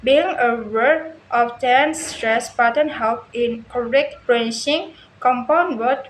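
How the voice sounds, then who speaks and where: High-pitched woman reading slow, lots of restarts, echoey room, a bit of noise behind. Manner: slow careful reading with frequent stumbles and restarts. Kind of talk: reading a lesson text aloud.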